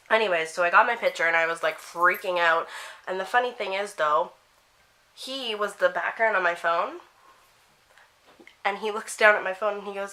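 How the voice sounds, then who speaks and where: A young woman from Canada telling a story to camera, animated, acting out the quotes and saying "like" a lot. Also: mid-range voice, brisk, poor audio. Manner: animated, acts out quotes, heavy use of "like". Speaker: vlogger. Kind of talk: chatty storytelling while getting ready.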